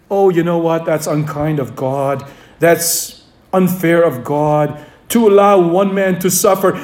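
Male preacher, high-pitched, emphatic sermon delivery, repeats phrases, quiet drops for emphasis.

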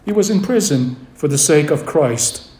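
A man's voice: a little high, animated, a little slow, darkish tone. A man preaching a sermon, emphatic and repeating his key phrases, with a story told along the way. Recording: roomy echo.

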